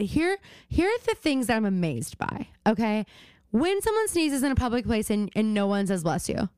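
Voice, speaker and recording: Lively ranting young woman. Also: mid-range voice, normal speed, clean tone, no echo, clean studio sound. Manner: animated, swears a lot, ranting. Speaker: podcast co-host. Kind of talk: casual chat.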